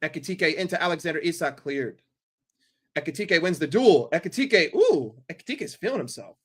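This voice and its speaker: With a breathy edge and a moderate pace, a New York man swears and snarks his way through live football commentary on his watchalong stream. His voice sits somewhat high and sounds very bright and forceful, lurching from low grumbling into loud yells.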